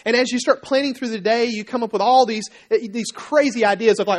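A man preaching a sermon as pastor, telling everyday stories in a lively way, acting out the voices of people in them and asking his listeners questions. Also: very high voice, brisk, few pauses. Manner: animated storytelling, acting out quoted voices; conversational, asks the congregation questions.

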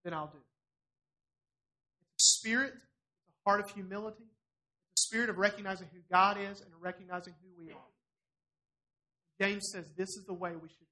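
A middle-aged man preaching a sermon to a congregation in a church, animated and challenging as he voices scripture. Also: high-pitched, fairly quick, pauses often. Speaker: pastor.

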